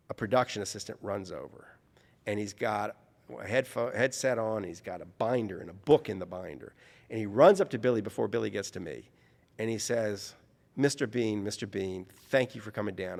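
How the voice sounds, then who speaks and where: A man from New Orleans, an author telling an anecdote in conversation, lively and acting out the people he quotes. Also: lowish voice, creaky, long reverb tail. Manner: animated, mimics voices in his anecdotes. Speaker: author guest. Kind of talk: conversational storytelling.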